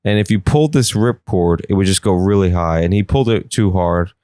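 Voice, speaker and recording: A young man hosting a podcast, telling comic stories in an animated way. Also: low-pitched, a little fast, no echo. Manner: animated, swings into silly voices. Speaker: podcast host. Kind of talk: comedic storytelling.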